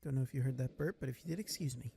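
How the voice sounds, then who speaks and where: A man's voice: mid-range voice, racing, mellow, a little hiss or hum. A man casually commenting on a horror game he plays, with joking asides and blunt swearing. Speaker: let's play gamer. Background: game music.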